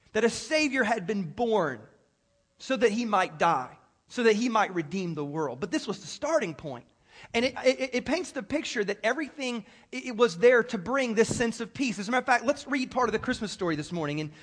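High-voiced pastor preaching to a congregation. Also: male voice, a bit bright. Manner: conversational, joking, talks straight to the congregation. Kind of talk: sermon.

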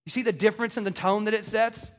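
Speaking fast with fairly even intonation, a man whose voice sits high preaches a sermon as a pastor. He talks conversationally and jokes with the congregation from a church stage in a large hall, captured with long hall reverb.

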